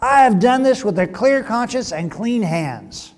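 A man's voice: very high voice, expressive, measured pace, voice pushed up. A man reading as an indignant pleading king.

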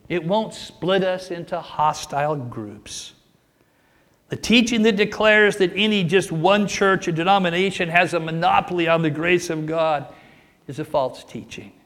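A man preaching a sermon with emphatic delivery, building up and dropping his voice for emphasis. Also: fairly bright tone. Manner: emphatic, rising and falling for emphasis, acts out a joke with raised pitch.

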